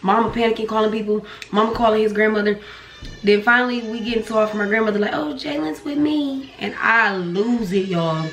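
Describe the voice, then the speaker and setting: A young woman, telling a story casually while eating, acting out voices with sharp pitch jumps. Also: fast, echoey room. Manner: animated storytelling, acts out dialogue with pitch jumps. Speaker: vlogger. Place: home room.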